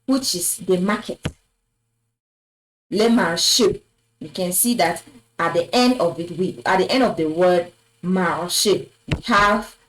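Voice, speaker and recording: A woman's voice: fairly low pitch, slight background noise, low-quality recording. A woman teaching a French lesson at a board, patiently repeating words and praising with "très bien". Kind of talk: slow classroom lesson at a board. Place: classroom with a board.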